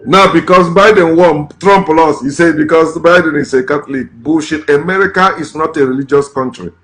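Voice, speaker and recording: A man's voice: on the high side, moderate pace, fairly bright tone. Blunt man ranting. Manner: blunt, scornful, repeats curses. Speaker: vlogger. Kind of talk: ranting political commentary.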